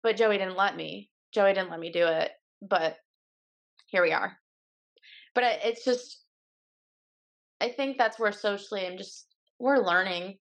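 A woman's voice: medium pitch, unhurried, long pauses, a bit bright. A woman in her twenties, a podcast guest, chatting casually and candidly, acting out quoted lines in her own voice. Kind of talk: casual chat.

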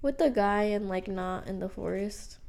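A woman's voice: mid-range voice, moderate pace, vocal fry, a little mellow. Young woman rambling through an anecdote. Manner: rambling anecdotes full of "like", slips into Spanish phrases. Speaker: podcast co-host. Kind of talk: casual chat.

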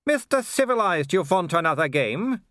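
A man's voice: sits high, sing-song, moderate pace, fairly bright tone, no room sound, studio quality, voice pushed up. A man voicing a mocking young male werewolf aristocrat in an audiobook, taunting and sneering.

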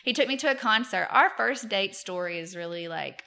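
A woman's voice: medium pitch, animated, fairly quick, creaky, sharp tone. A woman, telling stories as a podcast guest, chatty with many fillers and frequent laughs. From Mobile, Alabama, US. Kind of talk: casual chat.

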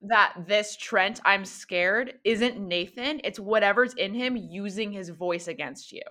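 A woman's voice: mid-range voice, pushed and bright. Chatty woman running a tabletop game. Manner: quick, chatty, lots of fillers. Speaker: game master. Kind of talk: narrating a tabletop role-playing game.

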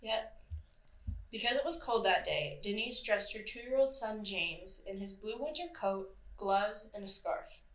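A woman's voice: mid-range voice, animated, measured pace. A young woman co-hosting a true-crime podcast, chatting casually, swearing freely and laughing at herself. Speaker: podcast co-host. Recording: roomy echo.

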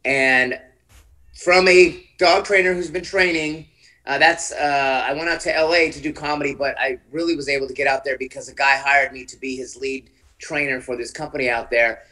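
A man's voice: medium pitch, fairly even intonation, moderate pace, bright, forceful tone, low-quality recording. A man, a comedian guest, chatting in a laid-back, rambling way on a video call. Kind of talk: casual chat over video call.

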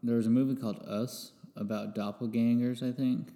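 A man's voice: mid-range voice, steady tone, a little fast, warm tone, in a large hall. A man guest-hosting a podcast in casual chat, loose and trailing off mid-thought. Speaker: guest co-host.

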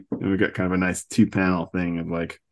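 A man's voice: low-pitched, flat delivery, a little fast. A man hosting a podcast, casually recapping a comic book with lots of laughs and fillers. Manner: chatty, laughs often, acts out quotes. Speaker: podcast host.

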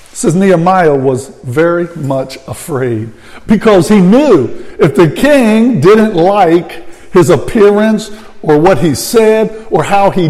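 A man's voice: high-pitched, darkish tone, big-room sound, rough recording. A male pastor giving a sermon, talking in a conversational way with frequent asides to the congregation.

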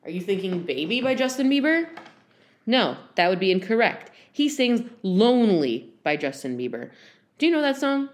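A young woman hosting a podcast, telling a bad-date story in an animated, self-deprecating way with lots of "like" and "um". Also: mid-range voice, moderate pace. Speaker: podcast host. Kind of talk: casual storytelling monologue. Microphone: handheld phone.

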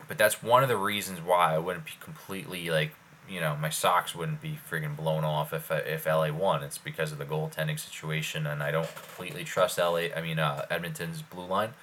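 A man's voice: a bass voice, little pitch movement, brisk, fairly bright tone, slight background noise. A man co-hosting a casual sports podcast, rambling with lots of fillers. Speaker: podcast co-host.

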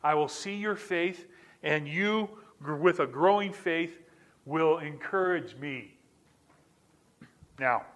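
A man's voice: fairly high pitch, a bit bright. A middle-aged male pastor preaching a sermon in an earnest way, repeating key lines for emphasis.

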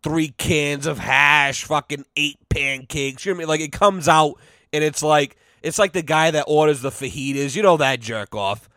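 A man's voice: on the high side, moderate pace, no echo, studio quality. Profane, rambling podcast host man. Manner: profane, rambling, with many fillers; animated storytelling. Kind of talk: casual podcast rant.

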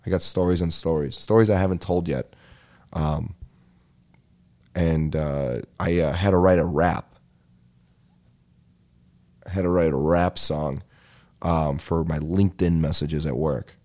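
A young man hosting a comedy podcast, telling rambling, animated stories with a lot of swearing. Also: a bass voice, unhurried, long pauses. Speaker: podcast host. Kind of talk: comedic rant.

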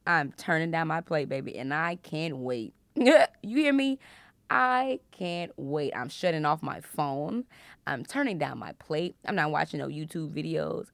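Young female podcast host, playful Bible teacher, lower voice with some fry. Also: unhurried, no echo. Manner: animated, laughs loudly and often, playful preacher tone.

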